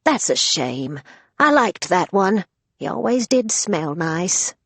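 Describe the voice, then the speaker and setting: A woman voicing a brisk, matter-of-fact older woman who leads a group. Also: lowish voice, sing-song, fairly bright tone, slightly rough, dry recording, heavily acted.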